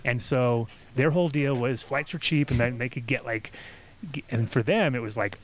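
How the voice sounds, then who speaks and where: A man hosting a casual talk show, telling stories in lively fashion, acting out what others said and swearing freely. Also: medium pitch, normal speed. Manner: animated storyteller, acts out quotes, swears often. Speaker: podcast host. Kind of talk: casual chat.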